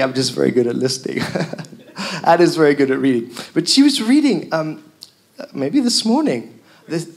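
A man preaching a sermon as pastor, telling the story with emphatic repeated lines. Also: a little high.

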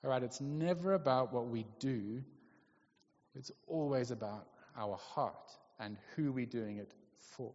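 A man preaches in an easy, conversational way, pausing often to check in with his listeners. His mid-pitched voice carries a long echo in a church hall, and the recording sounds dull and lo-fi. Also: darkish tone. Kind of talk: sermon. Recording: lo-fi, echoey hall.

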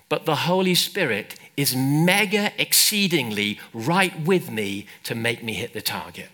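Older man preaching, bright and forceful delivery, rousing the room. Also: mid-range voice, a little slow, hardly any pauses. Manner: animated, emphatic, calls out to congregation. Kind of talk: sermon.

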